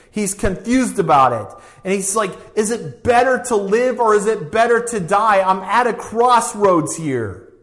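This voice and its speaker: High-voiced man preaching slowly. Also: fairly bright tone. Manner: emphatic, slow, repetitive preaching cadence. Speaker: pastor. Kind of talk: sermon.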